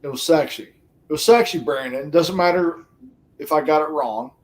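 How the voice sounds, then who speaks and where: A middle-aged man riffing on a livestream with a voice a touch higher than most. He talks casually and profanely, gets animated and laughs often. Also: normal speed. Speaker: livestream co-host. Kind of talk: casual stream chat.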